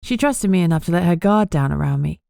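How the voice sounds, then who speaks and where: Low-pitched female narrator, measured first-person audiobook read, dry studio. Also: vocal fry, no room sound. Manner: even, measured storytelling.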